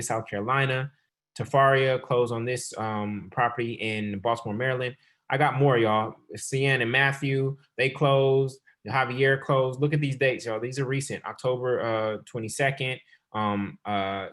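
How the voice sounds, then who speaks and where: A man hosting a real estate investing webinar as coach, talking fast and calling the audience y'all. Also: mid-range voice, fairly bright tone. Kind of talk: sales webinar presentation.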